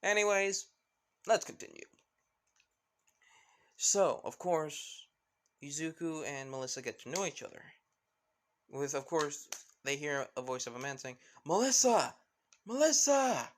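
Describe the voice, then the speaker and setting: A man's voice: on the high side, measured pace, pauses often, a bit bright. A young man casually narrating a fan story, rambling with lots of fillers.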